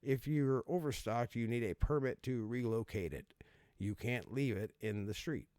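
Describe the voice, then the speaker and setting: A man's voice: mid-range voice, moderate pace, darkish tone, dry recording, clean studio sound. Sarcastic, cussing man riffing casually. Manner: sarcastic, profane, laughing asides, mock voices. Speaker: host reacting to odd laws. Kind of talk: casual comedic commentary.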